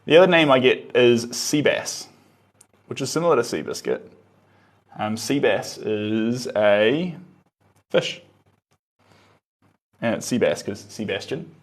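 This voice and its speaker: A man's voice: mid-range voice, slow, long pauses. Easygoing New man painting live. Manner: relaxed, musing, murmurs to himself while painting. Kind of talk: live painting stream with chat replies.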